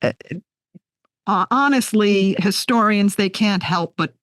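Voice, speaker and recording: A woman in her sixties, an author being interviewed, telling stories in an animated, heartfelt way. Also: mid-range voice, slow pace, dry recording, clean studio sound. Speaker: author guest. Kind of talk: conversational interview.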